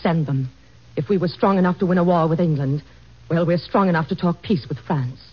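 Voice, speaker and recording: An actress playing an anxious, devoted president's wife who talks earnestly and insists gently, in 1940s radio-acting style. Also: female voice, on the low side, brisk, husky. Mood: pleading. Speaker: First Lady. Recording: dull old radio recording with faint hiss.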